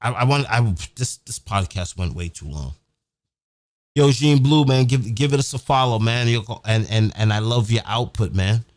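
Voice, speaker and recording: A man's voice: mid-range voice, lively intonation, moderate pace, a little mellow, dry recording. Fired-up man ranting on a podcast. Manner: emphatic, repetitive, keeps saying "man"; profane, fired up. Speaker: podcast host. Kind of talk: live-stream podcast rant. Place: home recording setup near a big city.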